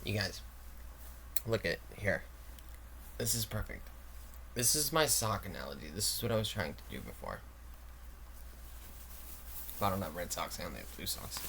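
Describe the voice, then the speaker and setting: A man's voice: low-pitched, sing-song, moderate pace, gravelly, pauses often, fairly bright tone, a little hiss or hum. A man reading out technical claims, then mocking them in a casual, sarcastic, swearing explanation. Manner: sarcastic, swears, reads text aloud then mocks it.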